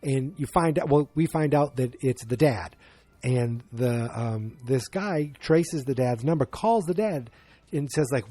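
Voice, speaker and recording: A man's voice: medium pitch, lively intonation, a little slow, dark tone, no room sound. Rambling man reviewing a movie. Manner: rambling, self-correcting, acts out quoted lines. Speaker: podcast host. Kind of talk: casual movie review monologue.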